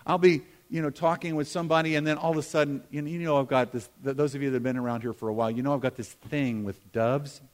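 This middle-aged pastor delivers a conversational sermon sprinkled with humorous asides, shifting between emphatic lines and hushed ones. His voice is mid-range with fairly even intonation, and he talks quickly with hardly any pauses.

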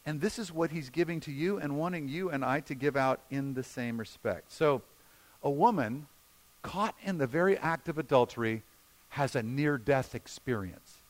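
A male pastor preaching a sermon, shifting between emphatic points and hushed, slow retellings of scenes. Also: medium pitch. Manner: expressive, drops to a hushed voice for quoted scenes.

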